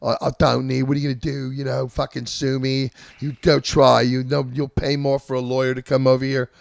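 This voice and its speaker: Man doing a scornful club promoter, taunting, gravelly and a bit low, dry close sound. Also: flat delivery, brisk, no echo, lightly acted. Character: rude, dismissive English male club promoter.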